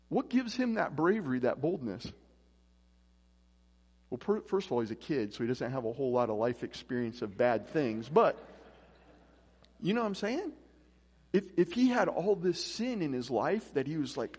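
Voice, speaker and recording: A male pastor gives a relaxed, conversational sermon in a church, performing the quoted voices in his stories as the hall echoes. He speaks at normal speed in a slightly high, very animated voice with a darkish tone and a breathy edge.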